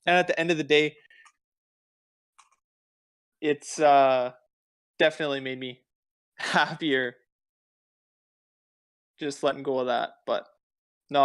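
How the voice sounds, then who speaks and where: A man's voice: on the high side, fairly bright tone, clean tone. A man co-hosting a casual podcast, laid-back and ending points with "right?". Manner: laid-back, many fillers and "right?" tags. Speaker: podcast co-host.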